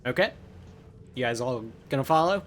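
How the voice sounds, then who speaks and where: A man's voice: medium pitch, expressive, moderate pace, a little hiss or hum. Hesitant male game master. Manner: hesitant, filler-heavy narration. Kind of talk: narrating a tabletop game.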